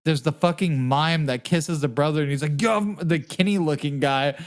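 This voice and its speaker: A man in casual podcast banter, quick to crack profane jokes and laugh at his own bits. His voice sits a little high for a man. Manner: joking, profane, laughs often. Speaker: podcast co-host.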